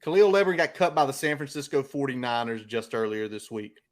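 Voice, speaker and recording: Male podcast host, brash, opinionated, casual sports chat, middle pitch. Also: animated, brisk.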